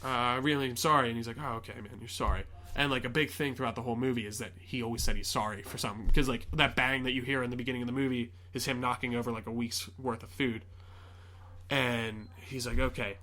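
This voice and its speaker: Walking through a movie scene by scene, this young podcast host plays out each character with lively energy and frequent swearing in a casual recap chat. He speaks fast at a medium pitch.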